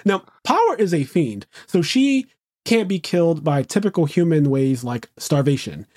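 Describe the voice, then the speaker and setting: A man talking casually and with lots of energy, his pitch bouncing widely as he acts out quotes. The sound is dry and close, with no room around it. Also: normal speed, no room sound. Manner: animated, swearing, acts out quotes. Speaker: podcast co-host. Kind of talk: casual chat.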